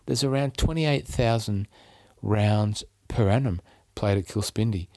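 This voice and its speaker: Australian male podcast host, low-pitched, dry close sound, upbeat storyteller. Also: a little mellow, no echo. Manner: chatty storyteller, upbeat, restarts mid-phrase. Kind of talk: casual travel chat.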